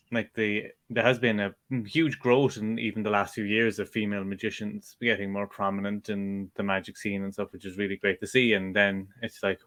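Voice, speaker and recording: A man's voice: lowish voice, a bit bright. A man hosting a podcast, chatting easygoing and rambling, with short agreeing replies. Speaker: podcast host. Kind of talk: casual interview chat.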